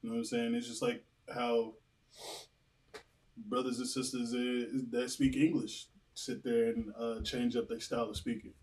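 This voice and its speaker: A man's voice: medium pitch, normal speed, distant mic, rough recording. A man chatting casually at a religious service, speaking loosely and conversationally as he shares his experience. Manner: relaxed, conversational, loose phrasing with fillers.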